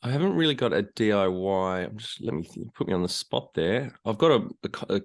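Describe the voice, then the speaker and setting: An Australian man speaking as a podcast guest over a remote call, relaxed and plain-spoken. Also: on the low side, a little fast. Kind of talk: casual podcast interview.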